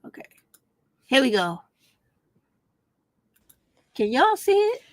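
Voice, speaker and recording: A woman's voice: sits high, sing-song, slow, no room sound. A woman vlogger in casual chat, talking straight to her viewers and calling them y'all. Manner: chatty, addresses viewers as y'all. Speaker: vlogger reacting to a video.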